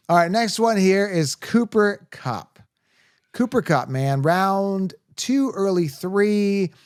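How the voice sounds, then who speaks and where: A man hosting a casual sports podcast, energetic and hype-driven, laughing often. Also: high voice, takes it slowly, long pauses, clear, resonant tone, no echo, studio quality. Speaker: podcast host.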